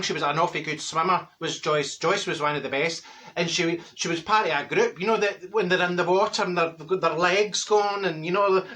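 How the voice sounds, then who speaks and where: A man's voice: high voice, pushed and bright. A man playing a chatty older Glaswegian woman in a comic monologue, rambling and gossipy with blunt asides and mixed-up words, in a Glaswegian Scottish accent. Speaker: comic character.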